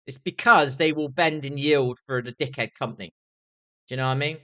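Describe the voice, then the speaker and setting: A man's voice: mid-range voice, bright, forceful tone. A young man livestreaming an angry, swear-filled rant, often asking "do you know what I mean". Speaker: streamer.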